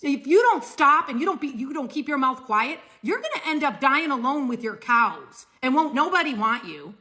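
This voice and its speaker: A woman's voice: sits high, big pitch swings, moderate pace, bright, forceful tone. A woman delivering a sarcastic, scolding monologue to camera. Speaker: social media commentator.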